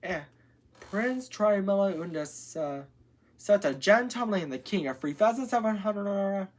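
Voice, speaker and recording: Lively woman telling a parody fairy tale. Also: mid-range voice, moderate pace. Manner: lively storytelling, stumbles over long names. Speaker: channel host and storyteller.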